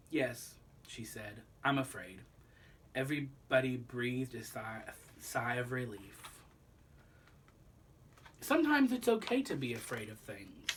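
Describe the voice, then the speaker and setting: A man reading a children's book aloud, pausing to explain the lesson to young listeners. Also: mid-range voice, a bit bright, husky, recorded from a distance. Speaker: storybook reader.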